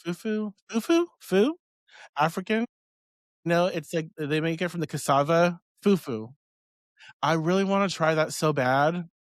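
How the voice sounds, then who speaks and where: A man's voice: on the high side, moderate pace, no room sound, clean studio sound. A man hosting a witchcraft live stream in a rambling, casual way, swearing freely and laughing often. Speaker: witchcraft podcast host.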